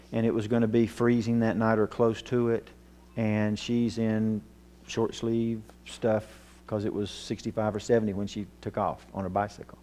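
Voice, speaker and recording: A man telling a personal story in a sermon, earnest and emotional, his voice dropping low at the tense moments. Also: a little mellow. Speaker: Bible teacher.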